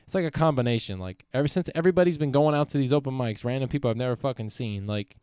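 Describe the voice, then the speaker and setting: A young man talks alone into the mic for his podcast, drifting from thought to thought and swearing often. His voice sounds smooth and clean, and it is recorded dry and close with no room echo. He sits at an ordinary middle pitch for a man. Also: fast, darkish tone. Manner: profane, meandering, self-interrupting. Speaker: podcast host. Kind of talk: rambling solo podcast monologue.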